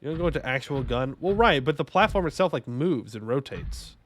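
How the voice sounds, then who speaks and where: A young man streams a game live, joking, rambling and bantering casually with his chat. His medium-pitched voice is animated, a bit bright and a little fast, and there's slight hiss or hum in the audio.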